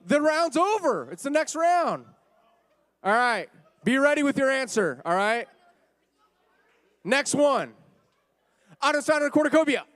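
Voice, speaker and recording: High-voiced man hosting a rowdy game. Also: very animated, a little slow, pauses often, a faint crowd. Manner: playful, teasing, bursts of shouting. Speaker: youth group game host. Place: crowded church room.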